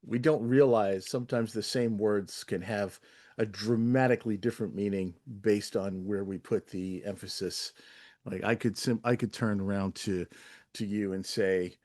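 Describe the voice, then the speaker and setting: A man in an online group discussion makes thoughtful points, illustrating them with playful examples. His voice is on the low side and darkish, with fairly even intonation at normal speed.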